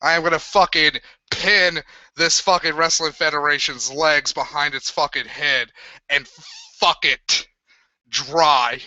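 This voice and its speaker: A young man hosting a live wrestling review, swearing constantly and ranting with loud, crude sarcasm. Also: fairly high pitch, slow pace, no echo. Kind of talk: profane live review rant. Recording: dull lo-fi sound.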